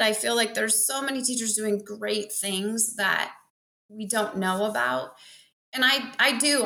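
A woman's voice: medium pitch, creaky, pushed and bright. A woman teacher from Montana, chatting casually as a podcast guest, self-deprecating and laughing often as she acts out bits of dialogue. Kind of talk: casual interview chat.

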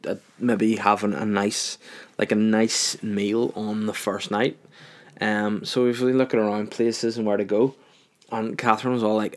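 A man's voice: fairly low pitch, darkish tone. A man in his thirties with a Northern Irish accent, ranting casually on his solo podcast, profane and rambling. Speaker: podcast host.

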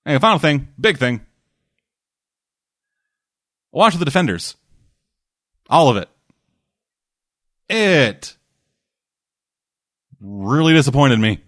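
A man's voice: mid-range voice, big pitch swings, slow pace, long pauses, dry recording, studio quality. A man chatting casually about movies and shows, rambling and swearing, with lots of restarts. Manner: rambling, profane, acts out quotes loudly.

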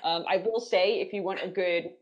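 A woman's voice: lowish voice, fairly even intonation, moderate pace, muffled recording. A woman hosting a podcast, chatting casually, laughing often and swearing freely. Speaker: podcast host. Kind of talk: casual chat.

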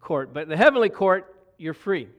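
Middle-aged male pastor, animated sermon storyteller, slightly high voice, repeats words when excited. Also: moderate pace, muffled recording. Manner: animated, stammering repeats, bursts of laughter.

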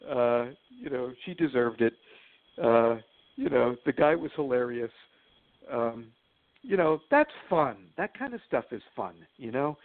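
A man's voice: mid-range voice, animated, measured pace, no echo. A man telling stories as a guest in an interview, chatty and laughing at his own stories, with lots of fillers. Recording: phone line.

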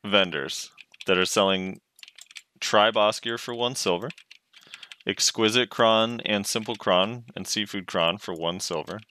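Low-voiced guy on a gaming podcast, bright clear tone, dry and blunt. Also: unhurried, slight background noise. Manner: blunt, wry, swears casually. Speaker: podcast co-host. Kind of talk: casual gaming podcast chat.

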